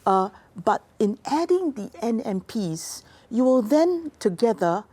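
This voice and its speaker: Formal, mellow-voiced woman. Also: on the high side, very animated. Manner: deliberate, formal and precise. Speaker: policy research expert guest. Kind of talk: explanatory interview talk.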